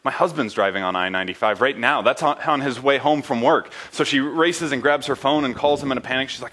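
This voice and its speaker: A man preaching a sermon in a church building, earnest and halting, with frequent fillers and restarts. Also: mid-range voice, fairly bright tone. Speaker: pastor.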